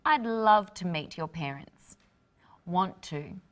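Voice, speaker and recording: A woman presenting an English lesson with clear, deliberate, instructive delivery. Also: fairly low pitch, expressive. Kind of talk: scripted teaching narration.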